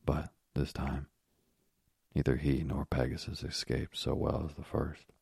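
Very deep gravelly male storyteller. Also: little pitch movement, unhurried, a little mellow, no room sound, clean studio sound. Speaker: narrator. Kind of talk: storybook reading aloud.

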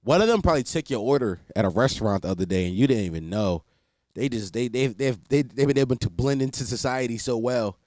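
A man's voice: medium pitch, lively intonation, quick pace, darkish tone, no room sound, studio quality. A young man hosting a solo podcast, rambling casually with lots of swearing and self-deprecating asides. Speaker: podcast host.

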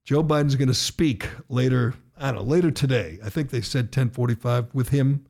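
Gravelly-voiced sarcastic talk radio host. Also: male voice, mid-range voice, fairly quick. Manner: sarcastic, rising to loud rhetorical outbursts. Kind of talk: political talk radio commentary. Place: radio studio.

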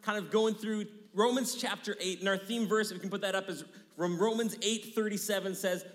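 Male pastor, sermon, high voice, energetic, repeats key lines, hushed asides, long reverb. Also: a little fast. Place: church sanctuary.

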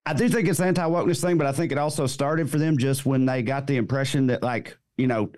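Male comedian, mid-pitched, rambling wry delivery, dry close mic. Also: fairly even intonation, fast, a little mellow, no room sound. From Southern United States. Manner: drawling, rambling, wry, self-interrupting. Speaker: comedian guest. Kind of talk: casual podcast chat.

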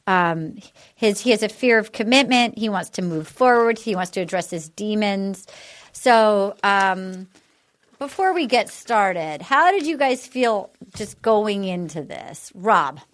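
A woman's voice: mid-range voice, expressive, measured pace, fairly bright tone. A woman hosting a casual podcast chat, recapping at length in a rambling way with many fillers. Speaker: podcast host.

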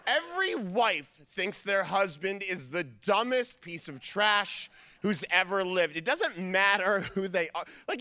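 A man performing a stand-up comedy set, telling family stories in an animated way and acting out their voices. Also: high voice, smooth. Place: theater stage.

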